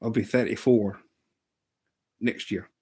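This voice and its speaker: A Scottish man in his thirties, chatting casually on a livestream and telling a rambling story, with sudden pitch jumps when he mimics other people. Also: fairly even intonation, slow, darkish tone, slightly rough. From Scotland. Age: 30s. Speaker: live streamer.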